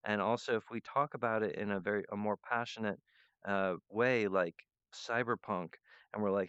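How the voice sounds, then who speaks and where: This man, hosting his own show, keeps a steady tone at normal speed while his monologue meanders and free-associates across ideas. His voice is fairly low in pitch, smooth, and fairly bright. The audio is dull, lo-fi, and dry, with no room sound.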